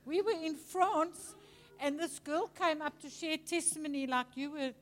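A woman preaching to a congregation, chatty and animated, telling stories and mimicking people. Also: high-pitched, measured pace, soft background music. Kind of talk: teaching sermon.

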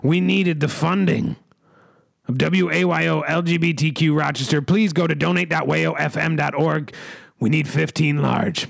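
Gravelly high-pitched man, mock-solemn host. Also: steady tone, normal speed, no echo, clean studio sound. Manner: mock-solemn presenting with rhyming catchphrases. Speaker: comedy radio co-host. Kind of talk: deadpan mock-formal comedy bit.

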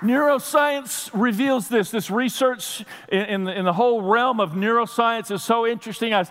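A middle-aged male pastor preaching, telling stories animatedly and building up to shouts. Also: very high voice, moderate pace. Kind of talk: sermon. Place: church sanctuary. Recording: long reverb of a large hall.

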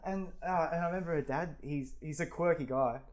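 Australian man, forties, quick rambling guest, salty language, lots of fillers. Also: on the high side, crowd noise. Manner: rambling, swears freely, many fillers. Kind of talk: casual storytelling.

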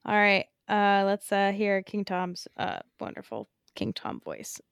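Young woman cohosting a podcast, gushy and excitable, voice bounces all over, dry close mic. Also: medium pitch, a little slow, creaky, smooth, no room sound. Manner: gushing, excitable, laughs often. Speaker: podcast co-host. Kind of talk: casual chat.

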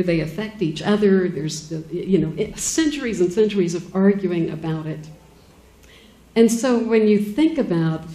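A woman with a warm voice on the low side lectures informally to a class, chatting with many fillers and false starts. When quoting others, she acts them out.

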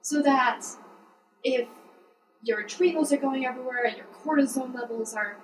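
High-voiced chatty woman, roomy sound. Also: moderate pace, recorded from a distance, soft background music. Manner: chatty, explanatory, laughs often. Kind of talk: casual conversational chat.

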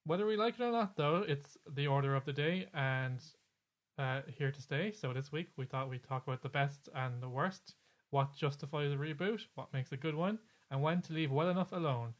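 A man's voice: fairly high pitch, moderate pace. A man co-hosting a podcast in casual chat, rambling along with plenty of fillers and restarts. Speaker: podcast co-host.

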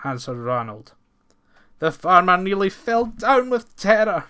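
A man narrates a storybook tale with a measured, expressive reading. His voice sits a little high. It has a clear, bright ring.

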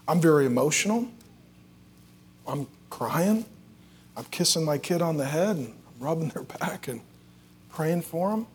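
Animated preacher man, loud then hushed. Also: on the high side, moderate pace, pauses often, husky. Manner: animated storytelling, swinging from loud and jokey to hushed and tender. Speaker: pastor. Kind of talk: sermon.

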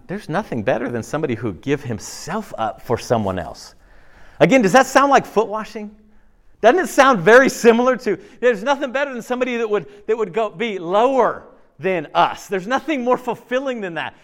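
A male pastor gives a sermon in a loose, talky way, full of rhetorical checks with the congregation. His voice sits a little high for a man and moves up and down in lively swings. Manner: conversational, with frequent fillers and rhetorical checks; animated, swinging between loud emphasis and soft low asides. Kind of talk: casual sermon.

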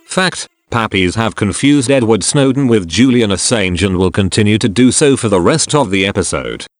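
A man reading short fact corrections in a deadpan, matter-of-fact narration. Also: on the low side, normal speed.

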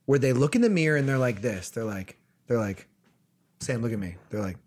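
A man hosting a casual podcast chat, joking and animated as he talks into a studio mic with headphones on. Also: mid-range voice, brisk. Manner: joking, animated, self-mocking. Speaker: podcast host.

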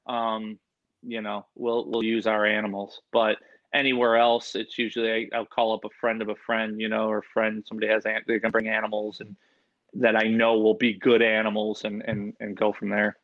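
A man telling a rambling, animated story in a casual interview, acting out the voices of people in it. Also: lowish voice, normal speed, muffled recording. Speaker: animal entertainer guest.

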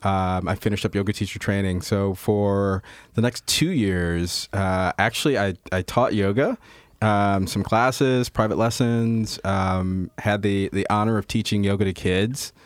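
Male guest, low voice, halting and thoughtful, dry close recording. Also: fairly even intonation, no echo. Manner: hesitant, many fillers, reflective. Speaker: podcast guest. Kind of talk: casual chat.

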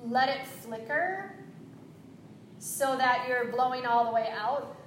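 Gentle woman guiding breathing in echoey room. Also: high voice, animated, a little hiss or hum. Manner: gentle, encouraging, slow cueing with quick asides. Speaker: yoga teacher. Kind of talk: guided breathing instruction.

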